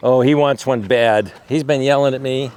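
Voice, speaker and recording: A man's voice: mid-range voice, steady tone, moderate pace. Man coaxing dogs outdoors, noisy. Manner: coaxing, affectionate baby talk to dogs. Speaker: animal rescuer. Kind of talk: casual talk to dogs and camera. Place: outdoors at an animal sanctuary.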